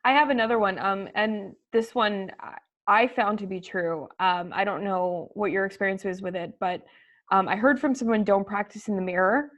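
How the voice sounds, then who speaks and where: Animated woman giving speaking tips. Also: mid-range voice, normal speed, lo-fi sound. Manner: animated, emphatic, laughs easily. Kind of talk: casual webinar chat.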